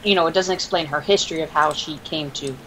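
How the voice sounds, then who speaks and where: Woman tabletop player, somewhat low voice, explaining things plainly. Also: fast, sharp tone, slight background noise, rough recording. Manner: explaining, narrating her character. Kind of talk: tabletop game chat.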